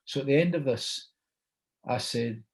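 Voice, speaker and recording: A man's voice: medium pitch, measured pace. A middle-aged man with a Scottish accent, chatting and telling an anecdote, quoting people as he goes. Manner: chatty, quotes people in dialogue. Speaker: guest storyteller.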